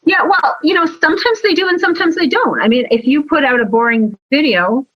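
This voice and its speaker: A woman guest talking about sales and marketing in a lively interview, telling stories with emphatic, animated asides. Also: sits high, a little fast, dry recording. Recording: slightly dull, lo-fi sound.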